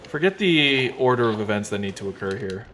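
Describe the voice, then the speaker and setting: A man streaming a game, talking in a relaxed, wry, joking way as he plays. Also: fairly low pitch, brisk, slight background noise. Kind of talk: casual gameplay commentary.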